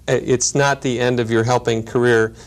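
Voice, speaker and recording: Guy giving a calm lecture, explains things step by step, middle pitch, tells little stories. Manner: measured, explanatory, storytelling asides. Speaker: lecturer on grief and helping work. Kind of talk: recorded teaching lecture.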